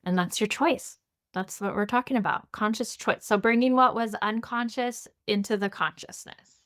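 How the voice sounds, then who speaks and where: A woman's voice: fairly high pitch, moderate pace, fairly bright tone. Woman, mindfulness teacher, recorded class, conversational, questioning. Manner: conversational, asks many guiding questions, frequent "you know" and "right".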